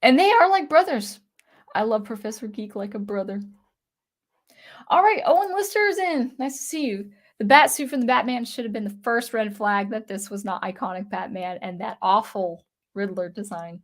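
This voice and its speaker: A woman's voice: mid-range voice, animated, moderate pace. A woman in her thirties chats casually on a livestream, reading viewers' comments aloud. Her voice sounds weak and thick with phlegm from allergies. She rambles and hesitates, often starting her sentences over. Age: 30s. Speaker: channel host reading live chat.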